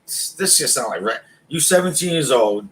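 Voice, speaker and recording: A man's voice: medium pitch, expressive, normal speed, fairly bright tone, rough recording. A man co-hosting a casual chat who talks in an emphatic, opinionated way and says man and bro a lot. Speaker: podcast co-host.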